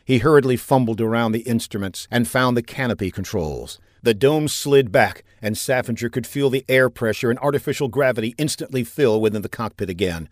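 Steady male audiobook narrator, dry close sound. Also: medium pitch, no room sound. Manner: measured, steady storytelling with action build-ups. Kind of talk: scripted narration.

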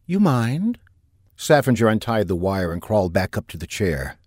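A man narrating a science-fiction audiobook in a measured, steady storytelling manner that builds during action scenes. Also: deep voice, no echo, studio quality. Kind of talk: scripted narration.

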